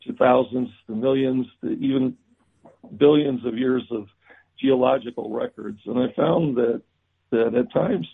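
A man being interviewed about his book, talking haltingly with many restarts and fillers. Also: mid-range voice, gravelly, breathy edge. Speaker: book author guest. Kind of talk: remote interview. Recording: tinny phone-like line.

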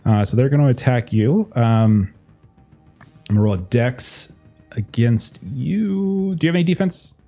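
A man acting as game master, narrating a tabletop game in a vivid, lively way. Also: mid-range voice, measured pace, faint music behind.

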